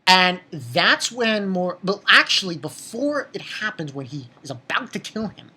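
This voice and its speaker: Young woman, low husky voice, casual rambling anime review, frequent restarts, swears. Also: sing-song, unhurried, pushed and bright. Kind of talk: casual spoken episode review.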